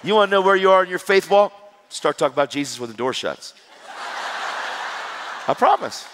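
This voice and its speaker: A middle-aged man preaching his personal testimony in a conversational style, swinging between loud and hushed. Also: sits high, lively intonation, fairly quick, background noise. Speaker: evangelist. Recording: long reverb of a large hall.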